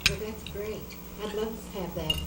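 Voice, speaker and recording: A woman's voice: mid-range voice, normal speed. A woman co-hosting a dinner show, chatting in a homey way about her cooking. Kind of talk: casual chat over dinner. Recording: echoey room with background noise.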